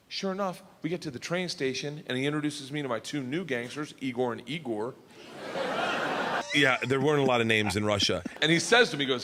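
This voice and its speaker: A man's voice: mid-range voice, quick pace, sharp tone, slight background noise. A middle-aged man telling a rowdy, profane stand-up story, often laughing through his lines. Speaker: stand-up comedian.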